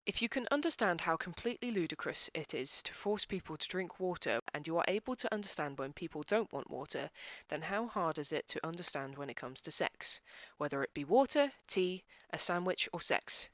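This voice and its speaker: Woman doing a deadpan comic explainer. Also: low-pitched, dry recording. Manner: brisk, deadpan explaining with exaggerated quoted voices. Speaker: cabaret host. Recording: dry, dull lo-fi sound.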